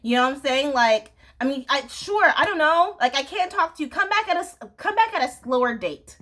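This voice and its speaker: A woman's voice: high voice, expressive, fairly quick, sharp tone. A young woman venting in a casual, exasperated rant to camera, swearing and often asking "you know what I'm saying". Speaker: vlogger.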